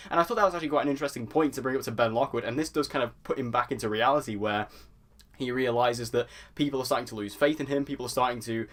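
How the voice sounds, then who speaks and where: A TV review vlogger with a mid-range, fairly bright voice talks through an episode in a casual, chatty way. He's enthusiastic, stacking up praise and leaning heavily on "so" and "really."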